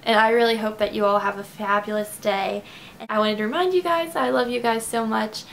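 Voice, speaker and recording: A woman's voice: a little high, creaky, slight background noise. Teary, chatty young woman vlogging. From Kentucky. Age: young adult. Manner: emotional, teary, fast with many fillers. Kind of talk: casual heartfelt talk to camera.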